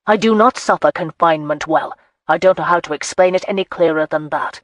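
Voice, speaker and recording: A woman's voice: low-pitched, fairly quick, no echo, close to an everyday voice. A woman voicing an aloof, guarded marquis with clipped, dry speech in an audiobook. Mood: brooding. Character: brooding aloof male marquis, teasing, guarded.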